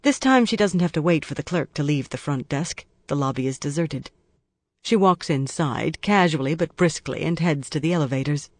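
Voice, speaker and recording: An audiobook narrator reading a crime thriller in a measured, even storytelling manner. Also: mid-range voice, dry recording.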